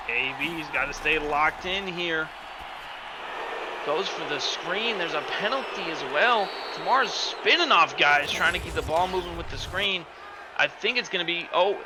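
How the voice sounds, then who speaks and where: A man doing play-by-play commentary for a simulated football game, excitable and bursting into shouts on big plays, his home microphone distorting when he yells. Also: fairly high pitch, unhurried. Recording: loud game crowd and noise underneath. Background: stadium crowd sound from the game.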